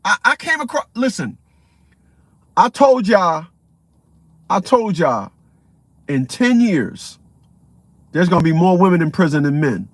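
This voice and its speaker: A man's voice: sits high, very animated, unhurried, pauses often, no room sound. A man ranting profanely in a rambling, repetitive commentary vlog. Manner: profane, rambling, repeats himself. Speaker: vlogger.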